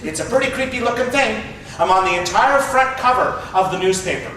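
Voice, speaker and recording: A man in his fifties delivers a humorous motivational speech, talking conversationally and often repeating his first words before a thought. His voice sits high for a man. It rings heavily through a large hall, picked up from a distance with a faint rumble behind it. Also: expressive, fairly quick, sharp tone. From Canada. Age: 50s. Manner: conversational, repeats words when starting sentences. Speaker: motivational speaker.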